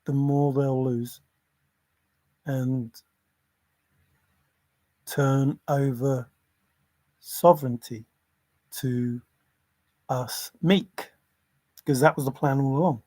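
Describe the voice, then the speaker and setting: A man's voice: medium pitch, fairly even intonation, very slow, pauses often, mellow, no room sound. A man hosting a casual livestream, rambling between topics, often chuckling and apologizing. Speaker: livestream host.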